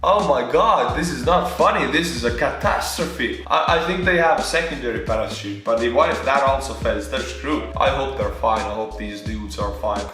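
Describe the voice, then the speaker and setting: A man's voice: mid-range voice, moderate pace, hardly any pauses. A man with an Estonian accent commenting on a reaction video, joking and mocking, with sudden startled outbursts. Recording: very echoey room, mic at a distance, music behind.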